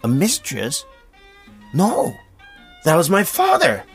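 A man's voice: high voice, huge pitch swings, slow pace, a bit bright, slightly rough, soft background music, pitched above the performer's own voice, heavily acted. A man voicing a baffled young husband who protests in a raised, flustered voice. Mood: protesting.

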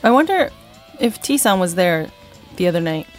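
A woman with a fairly low voice co-hosts a casual podcast from a small studio. She chats freely, with lots of "like" and "yeah". Soft music sits faintly in the background. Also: very animated, normal speed. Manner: chatty, lots of "like" and "yeah", laughs easily. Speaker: podcast co-host. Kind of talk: casual chat.

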